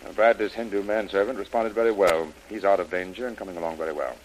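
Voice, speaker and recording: An actor playing a grave hospital doctor, calm and clinical, in a hissy old radio drama. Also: male voice, low voice, quick pace, natural voice, poor audio. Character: grave hospital doctor, middle-aged man. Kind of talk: 1930s radio drama acting.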